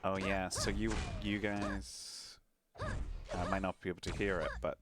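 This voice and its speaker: A man's voice: low-pitched, steady tone, measured pace, over loud music. A man co-commentating a game tournament in a chatty, easygoing way, laughing often, over a noisy voice chat recording. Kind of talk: casual live commentary.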